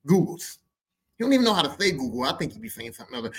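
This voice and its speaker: A man telling a comic story on his podcast, animated and profane, repeating lines for emphasis. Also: sits high, very fast, vocal fry. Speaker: podcast host.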